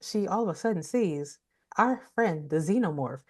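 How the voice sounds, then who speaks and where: A woman co-hosting a podcast, recapping a horror movie in an animated, blunt and laughing way. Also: fairly low pitch, normal speed, husky. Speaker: podcast co-host, movie reviewer.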